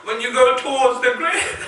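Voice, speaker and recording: A man's voice: extremely high pitch, sharp tone. A man from the United Kingdom giving an emotive mourning sermon, addressing the crowd as brothers and sisters in a mosque hall. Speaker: religious reciter. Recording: echoey hall, distant mic, faint noise.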